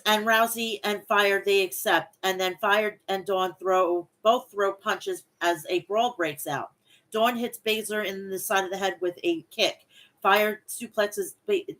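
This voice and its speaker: A woman hosting a wrestling recap podcast, recapping matches and breaking into profane, animated rants. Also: mid-range voice. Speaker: podcast host.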